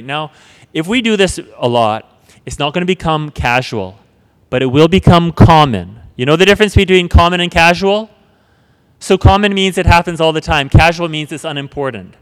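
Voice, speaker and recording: A man giving an earnest spoken teaching on prayer, often repeating words and dropping to a hush when reciting prayers. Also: fairly high pitch. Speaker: preacher. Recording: long hall reverb.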